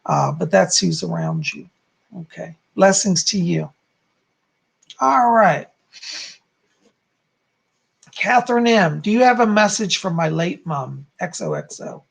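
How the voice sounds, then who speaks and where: A man's voice: high-pitched, wildly swooping pitch, slow pace, vocal fry, pauses often, a bit bright, slightly rough. A man giving live psychic readings, chatting as he answers viewers one by one. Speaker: psychic medium.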